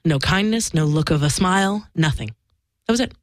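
A woman's voice: fairly low pitch, lively intonation, moderate pace, no echo. Frank, emphatic woman telling a story. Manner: frank and emphatic, swears freely, acts out quoted dialogue. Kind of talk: candid conversational storytelling.

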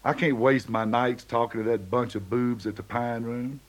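A man doing a gruff brooding young man. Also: mid-range voice, steady tone, normal speed, close to an everyday voice. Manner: gruff, muttering.

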